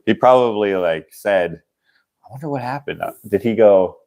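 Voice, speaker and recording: A man's voice: lowish voice, expressive, normal speed, darkish tone. A young man hosting a casual livestream, rambling and chuckling as he acts out the people in his stories. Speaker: channel host.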